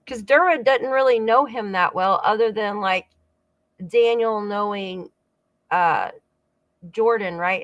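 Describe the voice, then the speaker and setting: A woman's voice: a little high, poor audio. A woman hosting a true-crime channel, giving rambling casual commentary with frequent asides to her viewers. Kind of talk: casual commentary over clips.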